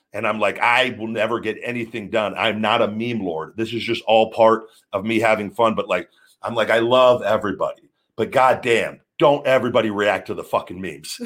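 A man's voice: lowish voice, a bit bright. A man hosting a live stream, talking casually in a rambling, blunt way and swearing freely. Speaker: show host.

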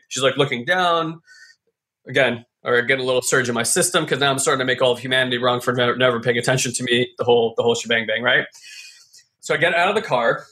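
A man's voice: mid-range voice, sharp tone. A man casually telling a reflective personal story with lots of fillers and restarts. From California.

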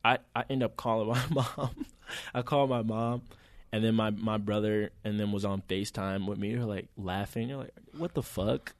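A man's voice: on the low side, fairly even intonation, moderate pace, no echo, clean studio sound. A man co-hosting a podcast, telling a story in casual chat with plenty of slang and swearing. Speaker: podcast co-host.

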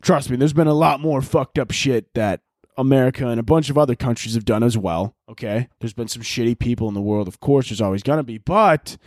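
A man hosting a podcast alone, rambling through a crude comedic monologue and jumping into loud shouted bits. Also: mid-range voice, fairly quick, dry recording, clean studio sound. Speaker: podcast host.

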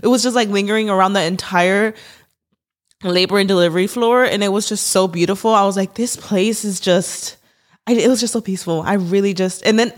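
A woman in her thirties hosting a podcast, chatting casually and rambling excitedly with many fillers. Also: medium pitch, fast. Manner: gushing, rambling, lots of "like" and "y'all". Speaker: podcast host. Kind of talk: casual chat.

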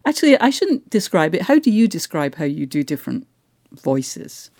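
A woman's voice: fairly low pitch, big pitch swings, normal speed, a little mellow, dry recording, studio quality. A woman interviewer asking curious, long, winding questions in a conversation.

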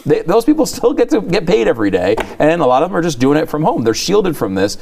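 A man's voice: on the high side, huge pitch swings, fast, vocal fry, darkish tone, slight background noise. A man co-hosting a talk show, arguing his point earnestly in a casual discussion. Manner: earnest opinionated argument. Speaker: co-host.

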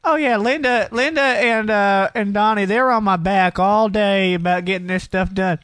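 A high, whiny young man on the phone making excuses to the boss, put on by a male radio host. He sounds pleading and put-upon. The recording is dry and close. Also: normal speed, fairly bright tone, no room sound.

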